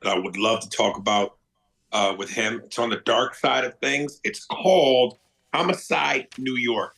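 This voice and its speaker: Gravelly, bright-voiced podcast host. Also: male voice, medium pitch, poor audio. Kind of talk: casual podcast chat.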